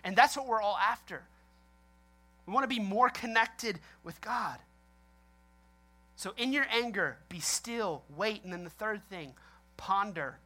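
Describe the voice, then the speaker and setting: A male pastor delivering a sermon with lively, animated storytelling. He laughs often and acts out people's reactions as he speaks. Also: high-pitched, measured pace, long pauses.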